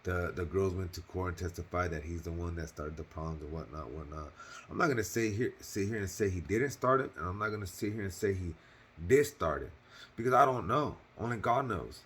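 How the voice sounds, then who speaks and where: A man's voice: deep voice, animated, fairly quick, fairly bright tone, a little hiss or hum. A man casually telling a personal story on his channel, in loose slang with cursing and lots of fillers, earnest and heartfelt.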